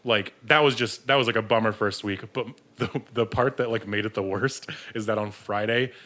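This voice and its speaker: Podcast guest: man with a lowish, forceful voice, rambling and profane, self-mocking. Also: moderate pace. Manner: rambling, swears freely, laughs at himself. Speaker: podcast guest, beer distributor sales rep. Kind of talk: casual storytelling.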